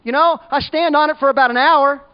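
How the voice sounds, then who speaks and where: A man's voice: very high-pitched, fairly quick. A man preaching a sermon in an emphatic, conversational way. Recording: dull lo-fi recording.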